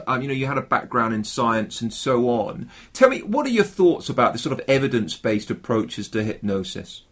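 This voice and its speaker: A male podcast host with a slightly husky, raised voice that moves a lot in pitch. He searches for words, circling back with fillers before he gets to his question. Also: fairly bright tone. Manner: hesitant, with many fillers and restarts while praising the guest. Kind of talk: interview conversation.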